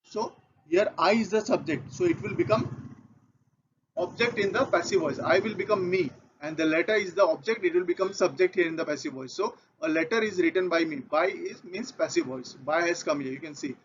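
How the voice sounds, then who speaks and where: A man's voice: high-pitched, fairly quick, noisy background. A man with an Indian English accent teaching a grammar lesson, methodical and repeating each key point. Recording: dull lo-fi audio.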